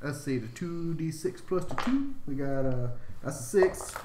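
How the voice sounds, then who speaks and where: A man playing a tabletop game, chatting in a relaxed, joking way as his turn comes up. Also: a little high, measured pace, over a noisy crowd. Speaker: player. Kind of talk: casual play chat.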